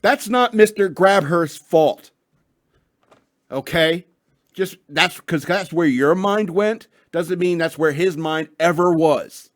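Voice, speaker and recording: A man's voice: on the high side, takes it slowly, no echo, studio quality. A man hosting a radio show, ranting and reading news stories in a rambling, profane way with lots of restarts, a bit tipsy.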